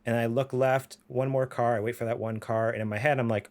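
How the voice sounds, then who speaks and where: A man's voice: medium pitch, flat delivery, fairly quick. Young man, podcast co-host, loose rambling storyteller, mid-range voice. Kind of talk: casual chat.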